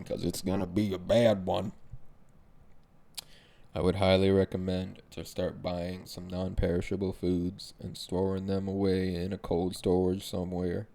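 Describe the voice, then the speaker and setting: A man's voice: low-pitched, gravelly, dark tone. A young man hosting a podcast, ranting casually and sarcastically with frequent swearing. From Arab background. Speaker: podcast host. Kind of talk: casual monologue rant.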